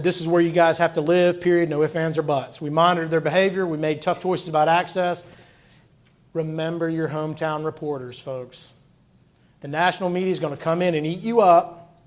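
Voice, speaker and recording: Middle-aged male presenter, conversational storyteller, pitch a touch high. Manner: earnest, conversational, quotes others in his stories. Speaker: hospital executive speaking at a conference. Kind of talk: conference talk with storytelling.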